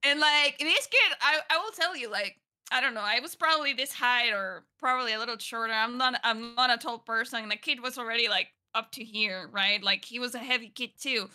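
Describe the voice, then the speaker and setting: Woman telling a wild story on a podcast, sharp bright voice, a bit high, really expressive. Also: a little fast, clean tone. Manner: expressive storyteller, loud outbursts and laughter. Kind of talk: casual chat.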